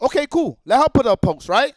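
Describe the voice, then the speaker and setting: Male streamer, high pitch, dry close sound, angry profane rant. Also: big pitch swings, fast talker, dry recording. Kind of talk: heated rant.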